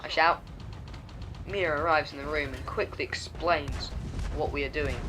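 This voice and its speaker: A young man reading his own homemade diary story aloud, halting often and restarting words. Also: on the high side, noisy background. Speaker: story reader and channel host.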